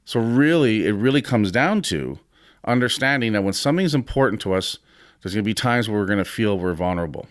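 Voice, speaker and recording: A man in his fifties speaks in a fairly low voice, close and dry with no room sound. He talks as a podcast host giving casual motivational advice, blunt and frank with the odd swear word. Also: expressive, a little fast, dry recording. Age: 50s. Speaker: podcast host and gym owner.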